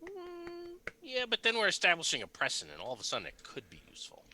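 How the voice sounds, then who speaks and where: Bright-voiced man running a tabletop game. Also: high voice, fast, slight background noise, poor audio. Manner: relaxed, chuckling, rambling narration with fillers. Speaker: game master. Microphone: desk mic on a live stream.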